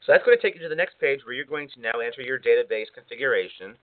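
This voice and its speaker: A man talking informally through a software setup tutorial, rambling a bit with fillers and self-corrections. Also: mid-range voice, expressive, rapid-fire. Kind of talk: casual screencast walkthrough. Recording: phone-like narrow band.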